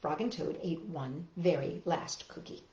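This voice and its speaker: A woman hosting a children's storytime, reading aloud and singing with a gentle, clear delivery. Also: deep voice, unhurried, reverberant, muffled recording.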